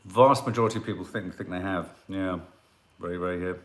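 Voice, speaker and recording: A man's voice: low-pitched, normal speed, fairly bright tone. A man hosting a casual live stream, chatting in a rambling way and reading out viewer comments. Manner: chatty and rambling, with frequent restarts and asides.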